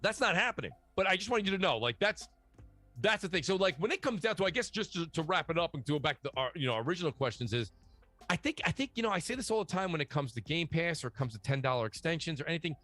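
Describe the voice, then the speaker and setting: Animated man telling gaming stories. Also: a little high, quick pace, dry recording, soft background music. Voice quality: animated, storytelling with slangy asides. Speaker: podcast guest. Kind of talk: casual gaming chat.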